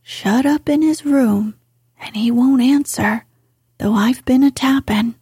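A woman voicing a fretful household maid in a soft, breathy whispered role-play reading with a folksy turn. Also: high voice, takes it slowly, no room sound, studio quality, full character voice.

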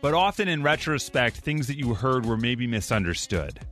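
A man's voice: mid-range voice, very animated, normal speed, a bit bright, faint music behind. A man hosting a morning radio show in a playful, upbeat way, chatting with callers. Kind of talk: casual morning show chat.

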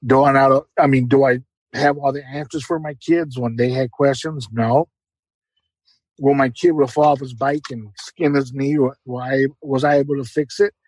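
A man's voice: medium pitch, steady tone, normal speed, darkish tone, breathy edge, no echo, poor audio. A middle-aged man giving an earnest, heartfelt personal testimony as an interview guest, repeating phrases for emphasis.

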